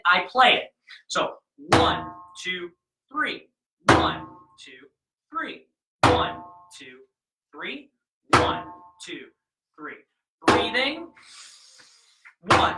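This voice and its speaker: Slow, bright-voiced drumming teacher. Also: male voice, sits high, echoey room, rough recording. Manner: encouraging, counts beats aloud. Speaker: drumming instructor. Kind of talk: online drumming lesson.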